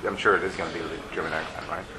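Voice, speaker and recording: A man's voice: low-pitched, steady tone, rapid-fire. A man in casual conversation as interviewer, musing and hesitant, often trailing off with fillers. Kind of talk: casual film talk. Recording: background noise with dish clatter.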